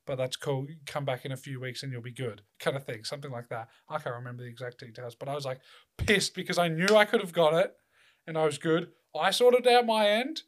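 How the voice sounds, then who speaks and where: A young man on a casual podcast, telling a childhood story with animated, sweary outbursts and teasing asides. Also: medium pitch, quick pace. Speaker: podcast co-host.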